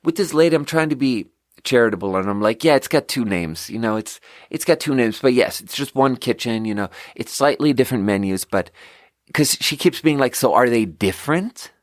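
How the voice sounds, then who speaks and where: A man hosting a podcast, telling a long story about his restaurant work in a casual, animated way with lots of filler words. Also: brisk, no room sound, clean studio sound. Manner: animated, acts out quoted voices with big pitch jumps; frequent fillers like "like" and "you know". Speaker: podcast host; restaurant server.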